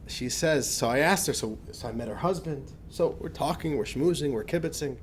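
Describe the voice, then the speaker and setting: Animated storytelling rabbi, man. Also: mid-range voice, normal speed, slight background noise. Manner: animated anecdotal storytelling with many restarts. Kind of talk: storytelling lecture.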